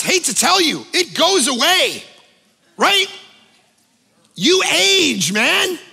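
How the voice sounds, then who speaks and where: A male pastor preaching a conversational sermon, emphatic, with sudden loud bursts and casual asides. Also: very high voice, vocal fry, in a large hall. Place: church auditorium.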